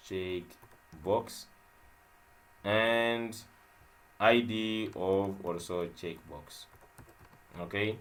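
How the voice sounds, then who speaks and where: A young man teaching web development in a coding tutorial, narrating as he types and thinking aloud with fillers and repeated phrases. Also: on the low side. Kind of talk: screen-share coding tutorial.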